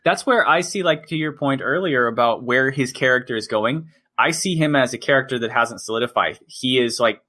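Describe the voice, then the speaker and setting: A man's voice: mid-range voice, brisk, few pauses, pushed and bright. A man co-hosting a casual podcast, chiming in eagerly and laughing often. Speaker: podcast co-host. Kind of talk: casual chat.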